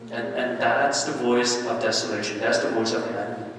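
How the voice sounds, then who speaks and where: A man's voice: medium pitch, fairly quick, far from the mic, a little hiss or hum. Man preaching in an echoey church. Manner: animated, anecdotal, with asides and laughter. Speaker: priest leading a Lenten mission. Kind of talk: sermon. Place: large church.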